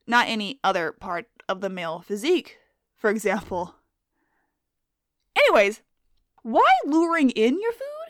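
A woman hosting a scripted, comedic wildlife lesson, theatrical and profane, who spells words out loud. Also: a little high, dry recording, studio quality. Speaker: science video host.

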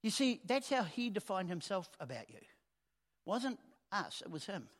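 A man preaching a sermon in a conversational way that swells into loud emphasis. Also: sits high, sing-song, a little slow. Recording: long hall reverb.

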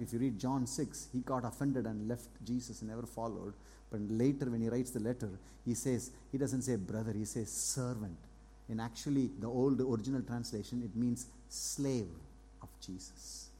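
A man preaching a sermon as a pastor, earnest and repetitive, moving between hushed and raised passages. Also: mid-range voice, slight background noise. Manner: earnest preaching, repeats phrases, swings between soft and loud.

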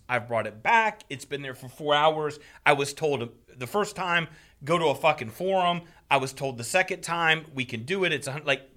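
A man casually retelling a frustrating story, animated and profane, laughing as he goes. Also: a little high. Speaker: storyteller on a talk show. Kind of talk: casual chat.

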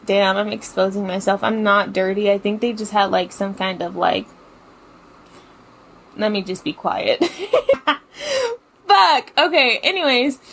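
A young woman with a mid-range, slightly bright voice hosts a podcast at a moderate pace, telling a story casually. She's chatty, swears a lot, and fills her talk with "like." There's a little hiss or hum in the recording.

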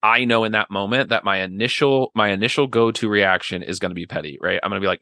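A man's voice: fairly low pitch, quick pace, hardly any pauses, sharp tone, no echo. A man in a casual podcast chat, talking earnestly and at length, full of "like" and "right?". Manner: earnest, rambling, many "like" and "right?".

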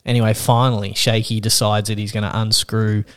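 Animated swearing man telling a story. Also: lowish voice, fairly quick. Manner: animated, swears freely, acts out quoted voices. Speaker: podcast host. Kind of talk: casual storytelling chat.

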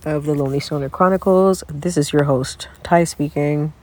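A woman's voice: sits low, normal speed, warm tone. A young adult woman hosting her own podcast, venting in a profane, exasperated, comic solo rant. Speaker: podcast host.

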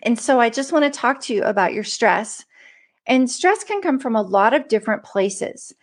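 A woman's voice: fairly high pitch, animated, moderate pace. A woman giving a casual, earnest devotional talk to an online audience, speaking conversationally and reading scripture aloud. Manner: earnest and conversational, often addressing listeners as "guys". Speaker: Christian livestream speaker.

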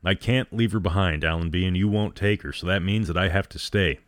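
A man's voice: deep voice, a little fast, no room sound, clean studio sound, lightly acted. A man voicing a desperate, lonely castaway who pleads in a broken way, in a read-aloud story. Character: desperate lonely male castaway, grief-stricken.

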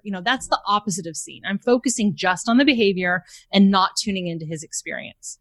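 A woman's voice: mid-range voice, expressive, fast talker, few pauses, fairly bright tone, no room sound. Woman explaining parenting ideas in interview. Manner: explains with examples, acts out quoted lines. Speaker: parenting expert guest. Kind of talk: conversational podcast interview.

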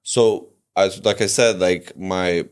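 A man's voice: sits low, steady tone, takes it slowly, clean tone. A young man telling a long personal story on a podcast, rambling with constant fillers and frequent swearing. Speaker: podcast co-host. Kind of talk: casual storytelling chat.

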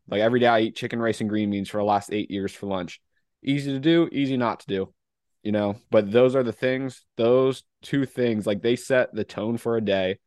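Male podcast co-host, lower voice, easygoing and laughing, dry close sound. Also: no room sound. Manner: relaxed, laughs often, many "like" fillers. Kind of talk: casual podcast chat.

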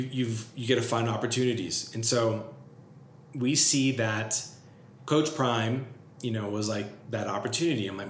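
A man's voice: medium pitch, a little hiss or hum. A man talking in a casual, rambling monologue, full of fillers and swearing, enthusiastic. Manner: filler-heavy, profane, enthusiastic. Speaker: business vlogger. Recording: roomy echo, faint ambience.

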